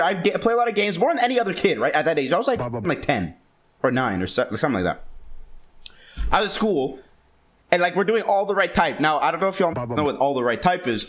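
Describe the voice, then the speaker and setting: A man telling a rambling, crude and excitable story in a casual, profane style, often restarting his sentences. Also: a little high.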